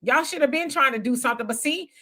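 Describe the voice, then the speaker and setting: A woman hosting a live commentary stream with a high, bright voice. She talks loosely and conversationally, firing off emphatic rhetorical questions one after another. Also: fast. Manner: loose conversational street talk. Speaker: commentary host. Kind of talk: livestream commentary.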